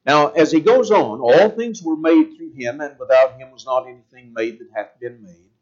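A man preaching a sermon in a measured way, slowing down to stress key words. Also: on the high side, expressive, darkish tone, muffled recording.

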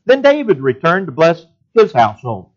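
High-voiced man preaching a sermon. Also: huge pitch swings, moderate pace, lo-fi sound. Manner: reads scripture aloud in an old-fashioned cadence.

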